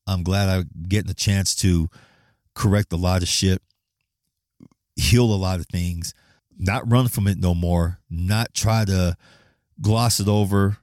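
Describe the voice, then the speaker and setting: Blunt, profane man with a lowish voice. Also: dry recording, studio quality. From Flagstaff, Arizona, USA. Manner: blunt, profane, animated, laughs often. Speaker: podcast host. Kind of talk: casual monologue.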